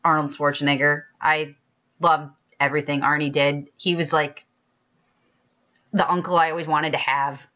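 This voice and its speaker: A woman's voice: low voice, little pitch movement, moderate pace, bright, forceful tone, muffled recording. A woman co-hosting a podcast, chatting candidly and enthusiastically, swearing casually. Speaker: podcast co-host. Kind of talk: casual chat.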